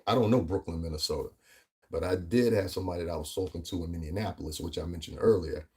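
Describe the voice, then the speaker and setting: A man with a New York-area accent holds forth in a casual commentary vlog, rambling and emphatic. His voice sits low and sounds a little husky. He keeps checking in with asides like "you know what I mean". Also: fast talker, a little mellow. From US Northeast tri-state area. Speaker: vlogger.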